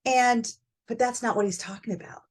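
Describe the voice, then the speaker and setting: A woman's voice: fairly high pitch, normal speed, breathy edge. A middle-aged woman hosting her own show, talking through her thoughts on parenting in a conversational way, with frequent fillers. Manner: warm conversational, thinking aloud with fillers. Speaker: podcast host. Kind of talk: reflective solo talk on parenting.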